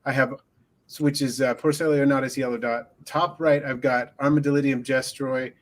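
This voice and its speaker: A man's voice: mid-range voice, steady tone, moderate pace. A man chatting casually on a livestream in an easygoing, hesitant way, often chuckling. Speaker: guest isopod keeper.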